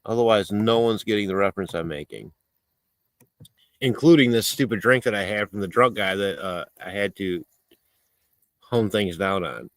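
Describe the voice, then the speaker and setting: A livestream host with a lowish voice chats casually and reads out viewer comments at a moderate pace, leaving long pauses. He rambles and pokes fun at himself, laughing often and using plenty of fillers, with no room sound in the recording.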